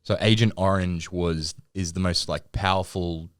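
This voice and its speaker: Deep-voiced man explaining. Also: steady tone, normal speed, clean tone, no echo, studio quality. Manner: explanatory, earnest, slangy. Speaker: podcast co-host. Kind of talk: casual chat.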